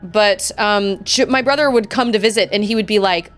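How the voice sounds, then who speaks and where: A woman's voice: mid-range voice, moderate pace, soft background music. A woman in her thirties chatting casually while streaming a game, telling family stories and acting out quoted voices. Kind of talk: casual gameplay chat.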